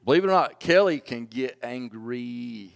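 A man in his forties preaching a personal testimony, swinging from loud pleading to hushed, low confession. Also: lively intonation, moderate pace, gravelly. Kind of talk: sermon testimony.

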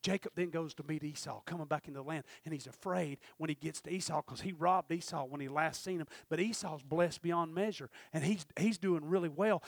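Male pastor, high bright voice, folksy storyteller, dry close sound. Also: a little fast, creaky, few pauses, dry recording. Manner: swings from shouting peaks to low murmurs; folksy storytelling with acted-out dialogue. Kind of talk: sermon.

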